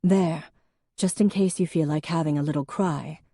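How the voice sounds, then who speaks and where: A woman's voice: sits low, fairly even intonation, normal speed, dark tone, no echo, clean studio sound. A woman narrator voicing an elegant, witty older sister who speaks grandly. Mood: teasing. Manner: grand, teasing.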